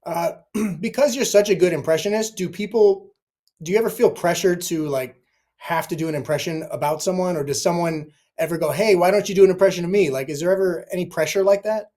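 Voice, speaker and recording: Brief: male interview host, higher voice, warm mellow tone, easygoing questions. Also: fairly quick. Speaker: podcast host. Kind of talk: interview chat.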